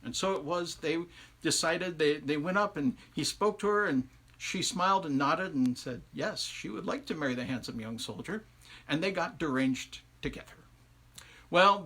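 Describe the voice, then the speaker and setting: A male storyteller spinning an old folktale with lively asides to his audience. His voice sits a little high, bright and forceful, with a husky grain. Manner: conversational, asides to listeners, animated. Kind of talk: oral folktale telling on a livestream.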